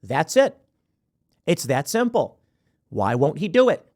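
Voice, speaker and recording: A man's voice: on the high side, huge pitch swings, unhurried, darkish tone. A man hosting a show, giving emphatic political commentary with sarcastic asides.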